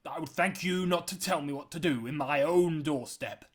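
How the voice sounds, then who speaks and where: Brief: a cowardly elderly captain, sneering, hushed and stammering , as read by a man. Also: fairly high pitch, moderate pace, husky. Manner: sneering, then whispering and stuttering in fear.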